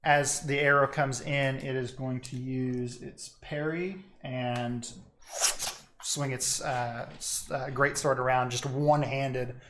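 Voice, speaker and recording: Young male game master, relaxed narration full of ums, easy chuckles. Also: mid-range voice, takes it slowly, a little hiss or hum.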